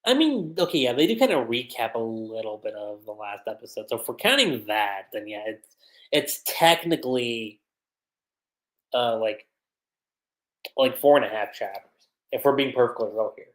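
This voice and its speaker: A woman's voice: very deep voice, animated, moderate pace. A woman giving a casual, slangy livestream review that recaps an anime episode, with plenty of "like"s. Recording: roomy echo.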